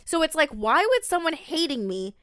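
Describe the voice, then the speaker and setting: Bright-voiced young woman cohost, kinda high, rambly and emphatic, swears, dry sound. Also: big pitch swings, normal speed, no room sound. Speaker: podcast co-host. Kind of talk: casual chat.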